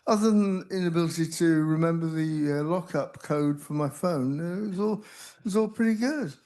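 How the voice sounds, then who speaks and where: An older man on a panel telling stories about his treatment, halting and self-deprecating, with many restarts. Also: a little high, a little mellow. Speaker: panelist, researcher with Parkinson's. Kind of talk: casual anecdotal talk. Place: conference hall.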